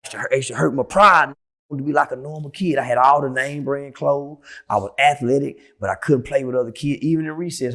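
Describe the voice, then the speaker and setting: A middle-aged man with vocal fry talks fast as an interview guest, telling a profane, heated story that dips into low mutters and then rises to shouting.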